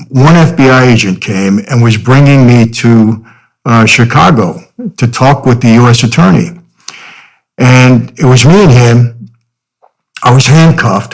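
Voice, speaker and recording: Middle-aged male guest, earnest conversational storyteller, average pitch. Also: poor audio. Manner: earnest, frequent "you know" fillers. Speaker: podcast guest.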